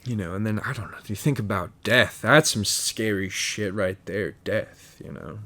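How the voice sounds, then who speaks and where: A man's voice: fairly low pitch, moderate pace, sharp tone. A man hosting a podcast, musing in a profane, stream-of-consciousness comedic monologue full of restarts and stumbles. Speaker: podcast host.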